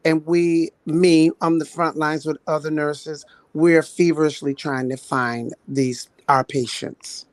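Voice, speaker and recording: A woman's voice: low voice, steady tone, slow pace, hardly any pauses, dry recording. A woman health outreach nurse, a guest on a talk show, speaking earnestly over a video call. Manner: earnest, storytelling, voices quoted people.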